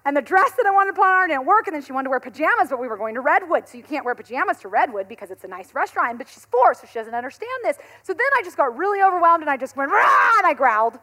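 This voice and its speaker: A woman in her thirties, a pastor giving a conversational sermon, telling stories in an animated way and laughing often. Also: high voice, racing, few pauses.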